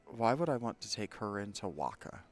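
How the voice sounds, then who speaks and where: A man's voice: on the low side, very animated, a little fast, faint music behind. A man hosting a let's play, giving candid, opinionated gameplay commentary with rambling asides to his viewers.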